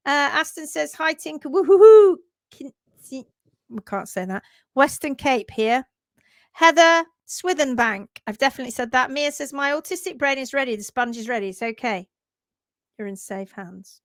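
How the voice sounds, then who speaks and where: Woman, stream host, high and bright, dry close sound, chatty and excitable. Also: moderate pace, dry recording. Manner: chatty, excitable, greets viewers by name. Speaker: livestream host. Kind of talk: casual live-stream chat.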